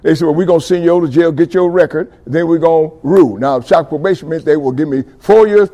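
A middle-aged man giving a fervent testimony sermon, calling out to his audience and building to loud passages. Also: on the high side, quick pace. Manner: call-and-response with audience, rising fervor.

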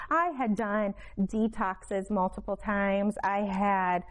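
A woman's voice: mid-range voice, fairly even intonation, rough recording. Woman giving emotional faith testimony. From Florida. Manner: emotional, halting with fillers and restarts. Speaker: testimony speaker. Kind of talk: spoken testimony to a congregation.

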